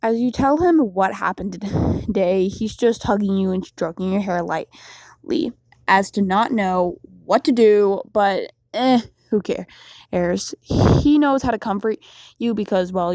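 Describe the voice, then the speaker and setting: A woman's voice: medium pitch, dark tone, no echo. A woman narrating an unscripted self-insert story in a casual, rambling way, with fillers and restarts.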